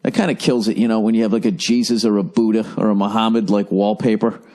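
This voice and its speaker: A man's voice: fairly low pitch, steady tone, fast talker, darkish tone. A middle-aged man with a Boston accent hosting a solo podcast, ranting in a rambling, sarcastic and profane way. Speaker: podcast host. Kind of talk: solo comedic podcast rant.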